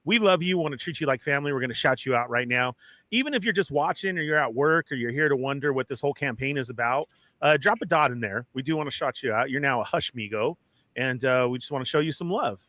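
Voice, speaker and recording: Guy hyping up his live toy show, bright tone, dry sound. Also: mid-range voice, fast, no room sound. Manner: energetic hype-man delivery. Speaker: podcast host. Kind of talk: casual livestream chat.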